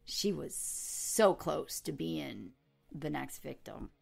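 A woman's voice: sits low, sing-song, slow, creaky, breathy edge, soft background music. A woman hosting a true crime podcast, telling the case in a casual, chatty way with offhand swearing. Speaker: podcast host.

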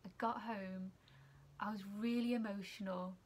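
A young woman, a student nurse chatting casually to her vlog camera, emotional and quick to laugh. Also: mid-range voice, steady tone. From England. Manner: emotional, chatty, laughs often, near tears.

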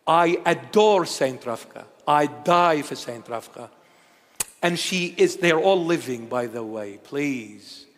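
A man of Assyrian heritage preaching a sermon, telling stories in an animated way that swings between loud declarations and hushed asides. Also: fairly high pitch, takes it slowly, long reverb tail.

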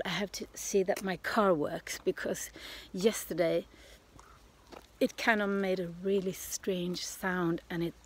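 A woman's voice: mid-range voice, a little hiss or hum. Chatty woman vlogging outdoors. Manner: chatty, rambling, with many fillers and self-corrections; drops to a whisper for stretches. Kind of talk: casual travel vlog. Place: outdoors at a countryside bed and breakfast.

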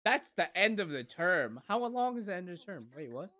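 A woman hosting an anime reaction, moving from soft cooing to loud excited squeals and swearing freely. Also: lowish voice, moderate pace.

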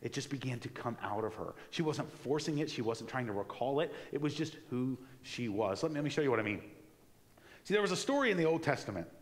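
A man preaching a sermon in a church in a conversational, animated way, acting out little asides as he goes. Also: mid-range voice, fast, in a large hall. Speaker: pastor. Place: church sanctuary.

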